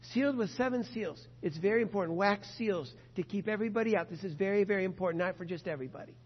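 High-voiced male preacher in an echoing hall. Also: husky. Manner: earnest, slow and emphatic, stretching key words. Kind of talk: sermon with a read-aloud story. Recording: muffled sound in a reverberant hall.

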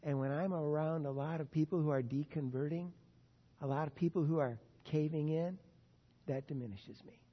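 A man's voice: a little high, moderate pace. Man, pastor, sermon, earnest, emphatic, long reverb, muffled sound. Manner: earnest, emphatic preaching with wide swings in loudness.

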